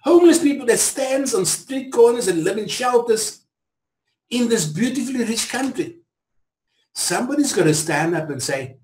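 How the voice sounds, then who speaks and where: South African man, middle-aged, high-pitched, preacherly build to emphatic peaks, echoey room. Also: expressive, normal speed, darkish tone. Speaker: interview guest. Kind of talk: impassioned storytelling.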